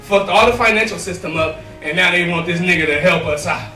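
High-voiced man doing crude stand-up. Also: fairly quick, pushed and bright, reverberant, distant mic, faint music behind. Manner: crude, rambling, laughs at own jokes. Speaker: stand-up comedian. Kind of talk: stand-up comedy set. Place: small comedy club with almost no crowd.

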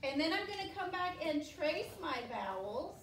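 High-voiced teacher in an echoey classroom. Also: female voice, very animated, moderate pace, fairly bright tone, far from the mic. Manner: patient, encouraging, call-and-response questioning. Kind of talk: classroom phonics lesson.

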